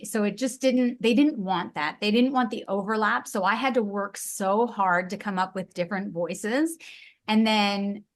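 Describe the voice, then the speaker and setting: A woman voice actress chatting casually as an interview guest, bubbly and quick to giggle. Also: mid-range voice.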